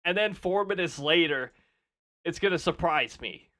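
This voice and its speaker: A man's voice: on the high side, expressive, moderate pace, pushed and bright. A man chatting casually on a live stream, laughing often and reading off weather details.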